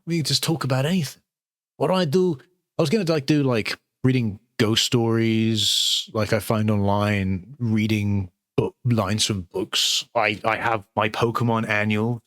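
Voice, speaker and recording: A man's voice: lowish voice, fairly bright tone, no room sound, clean studio sound. Rambling, sweary Englishman. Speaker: new channel host. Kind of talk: rambling casual chat. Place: at home.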